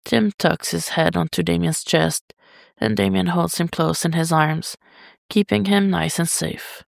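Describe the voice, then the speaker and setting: A reader narrating a fan story as an audiobook, in an intimate, even delivery. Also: medium pitch, measured pace, gravelly, no room sound, studio quality. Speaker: podfic reader.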